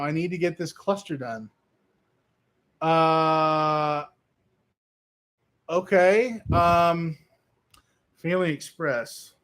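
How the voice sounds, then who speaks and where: A man hosts a casual livestream and reads out comments from his viewers, answering each one in turn. He talks slowly and loosely, with lots of "um"s and restarts. His voice sits a little higher than most men's. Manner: relaxed, rambling, many fillers and restarts. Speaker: livestream host answering chat. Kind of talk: casual live chat.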